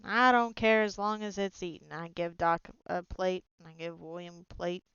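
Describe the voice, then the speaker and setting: A woman's voice: on the low side, fairly even intonation, moderate pace, fairly bright tone, smooth, dry recording, dull audio. A woman in tabletop role-play, speaking cheerfully in character as a ship's captain. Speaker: player as ship captain.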